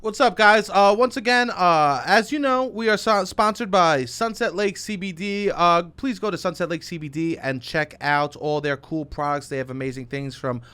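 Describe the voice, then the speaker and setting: A young man with a New York accent, co-hosting a podcast in loud, joking banter and reading ads. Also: high-pitched, normal speed, hardly any pauses, clear, resonant tone. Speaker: podcast co-host. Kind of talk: casual podcast banter and ad read.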